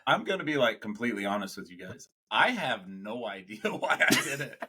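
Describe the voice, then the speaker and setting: A man's voice: fairly low pitch, sing-song, fairly quick, sharp tone, slightly rough. A young man, a podcast co-host, telling a rambling, swearing anecdote in casual chat, laughing as he goes.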